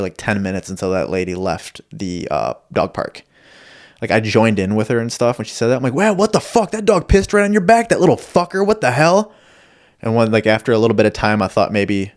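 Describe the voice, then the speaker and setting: A young man from Michigan hosting a podcast, telling stories in a profane, rambling, self-deprecating way. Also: lowish voice. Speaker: podcast host. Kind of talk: casual storytelling monologue.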